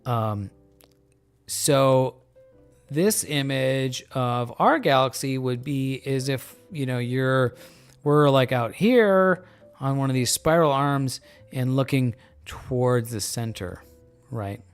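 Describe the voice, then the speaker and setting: A man hosts a relaxed live stream and explains things at an unhurried, meandering pace. He fills his sentences with ums and jokes along, slightly tipsy. Soft music plays faintly behind his voice. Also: medium pitch, smooth. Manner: slow, rambling, many fillers; relaxed, joking. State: a bit tipsy from beer. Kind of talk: casual live-stream chat.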